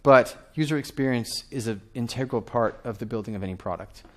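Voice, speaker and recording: A man in his thirties giving a lively conference talk from a stage, often asking the audience questions. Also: mid-range voice, brisk. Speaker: conference speaker.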